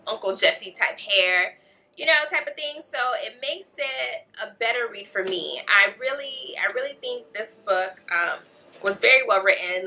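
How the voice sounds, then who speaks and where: A woman's voice: mid-range voice, creaky, bright, forceful tone, slight background noise, poor audio. A woman casually reviewing a novel for her vlog, chatty and gushing, full of fillers and "like". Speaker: book vlogger.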